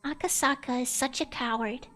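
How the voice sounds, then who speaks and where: A woman voicing an eerie little girl who has turned cold and ominous, speaking in a measured, indifferent way. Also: sits high, steady tone, a bit bright. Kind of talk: voicing a visual novel character.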